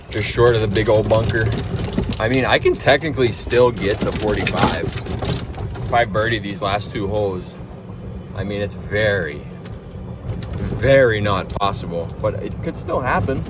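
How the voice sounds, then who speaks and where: A man calling his own golf shots in casual, joking play-by-play outdoors on a windy course. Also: on the low side. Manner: laid-back, joking. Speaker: golf vlogger.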